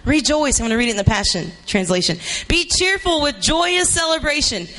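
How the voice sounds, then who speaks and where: A man preaching a sermon, emphatic and repetitive, rising to shouts for emphasis. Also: very high-pitched, sing-song, brisk.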